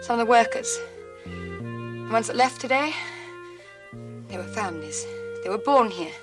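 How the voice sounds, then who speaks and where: A woman's voice: on the high side, expressive, measured pace, recorded from a distance. An actress playing a stubborn woman defending her plantation home, speaking earnestly in a film clip. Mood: determined. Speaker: film character. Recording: film clip from afar with music.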